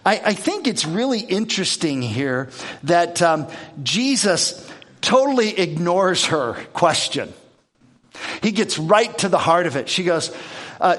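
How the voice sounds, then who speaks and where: A male pastor gives a loose, conversational sermon with a voice pitched a little above the usual. He is earnest and often repeats a word before going on. He also slips into lively little impressions of the people he quotes. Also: a little slow. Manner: earnest, repeats words, acts out quoted speech.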